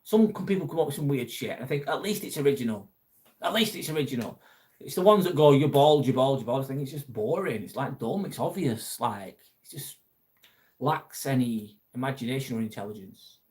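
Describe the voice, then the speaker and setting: A man's voice: medium pitch, lively intonation, brisk, darkish tone. A man hosting a casual livestream, chatting bluntly with viewers and swearing freely. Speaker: livestream host reading viewer chat. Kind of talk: casual live chat.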